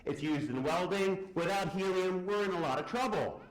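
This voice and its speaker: A man's voice: high-pitched, normal speed. A man giving a live physics demonstration lecture, firing questions at the audience and answering them himself. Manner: lively, quizzes the audience and answers his own questions. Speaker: science lecturer. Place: large lecture hall. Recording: echoey lecture hall.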